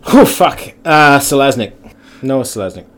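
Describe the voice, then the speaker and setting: A man's voice: mid-range voice, expressive, moderate pace, fairly bright tone. A man, a podcast guest in casual chat who swears often and laughs through his stories. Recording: faint background noise.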